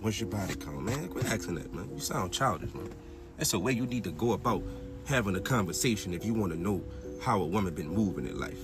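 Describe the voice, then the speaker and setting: A man giving a casual, preachy spiritual monologue in heavy slang, asking "you heard me?" again and again and swinging from a low mutter to loud, raised outbursts. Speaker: spiritual talk host. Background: music.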